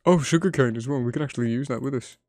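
Young male creator, casual gameplay commentary, sweary, excitable, chats to his pets on screen. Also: medium pitch, very fast, no echo. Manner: excitable, swears a lot, talks to his animals. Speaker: gaming video creator. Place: home editing room.

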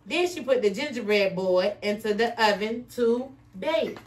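A woman's voice: mid-range voice, lively intonation, a little slow. A woman reading a picture book aloud to her children in a playful way, stopping to quiz them. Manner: playful, stops to quiz the kids. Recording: echoey room, distant mic.

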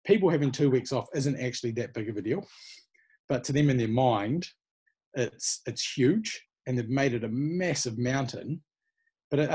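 A man's voice: mid-range voice, a little mellow, slightly rough. A man, a personal trainer from New Zealand, giving easygoing, encouraging answers in an interview. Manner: encouraging, easygoing, many fillers.

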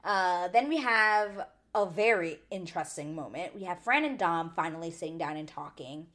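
A chatty woman with a somewhat low-pitched voice recaps a reality show with loud opinions. She talks casually, packs in fillers, and jumps high when she gets indignant. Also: expressive, normal speed. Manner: rises to high indignant exclamations. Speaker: TV recap vlogger.

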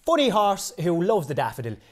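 Sarcastic Irish presenter, lively voice. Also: male voice, high-pitched, a little fast. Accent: Irish, Cork. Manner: cheeky, teasing, sarcastic. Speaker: morning show presenter. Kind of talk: scripted comedy presenting.

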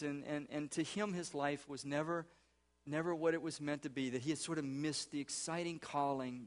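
A middle-aged man preaching a sermon as a pastor in a church, earnest and conversational, with restarts and casual asides. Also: on the high side. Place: church sanctuary.

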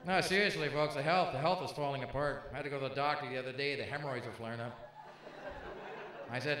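This man in his fifties has a medium-pitched, fairly bright voice as he runs a stand-up comedy routine. He's punchy and teasing, working the crowd with quick jokes. The live club recording is echoey, with crowd noise and laughter from the audience.

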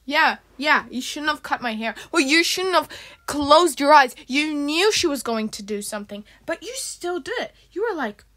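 A woman hosting her channel, chatting excitably while reacting to a game video and bursting into shrieks. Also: sits high, moderate pace. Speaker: channel host.

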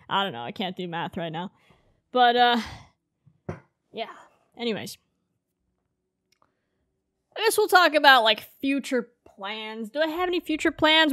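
A young woman in her early twenties speaks to her future self in a casual home vlog, her voice sitting a little high. She rambles through her thoughts, laughing often and saying "like" a lot. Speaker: streamer and content creator.

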